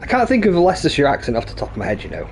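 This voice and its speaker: A man's voice: fairly high pitch, huge pitch swings, rapid-fire, vocal fry, a little mellow, slight background noise. A young man with a mix of Lincolnshire and Yorkshire accent, chatting casually and swearing freely while streaming a game. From England. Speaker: gaming streamer. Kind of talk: casual gameplay chat.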